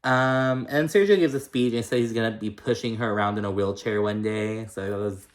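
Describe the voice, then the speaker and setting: A man's voice: on the low side, fairly quick. Male recapper, casual and shady, swears freely, loose and filler-heavy delivery. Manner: chatty, profane, shady, full of fillers. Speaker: reality TV recapper.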